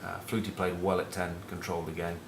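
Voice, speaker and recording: A middle-aged former rugby captain from northern England, with a Northern English accent, rambles through cheeky, sweary match talk and anecdotes in casual rugby chat. His low, gravelly voice is flat in delivery and fast. The room is echoey, with a little hiss or hum.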